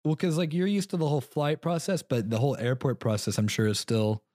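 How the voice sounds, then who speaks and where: A man's voice: medium pitch, fairly even intonation, a little fast, darkish tone, no room sound, clean studio sound. A young man co-hosting a podcast, rambling through stories, acting out both sides of conversations and laughing often. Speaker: podcast co-host. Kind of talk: casual chat.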